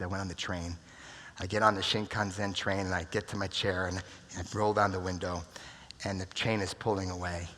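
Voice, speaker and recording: An American man giving a motivational keynote speech at a conference, telling stories and dropping to a hushed near-whisper at emotional moments. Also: low voice, slightly rough. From United States. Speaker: keynote speaker. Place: large conference room. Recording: reverberant conference hall.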